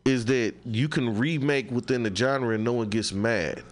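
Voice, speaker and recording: A man of middle pitch chats casually as a radio host, agreeable and halting, often repeating himself. A faint hiss of noise sits behind him. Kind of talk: casual chat.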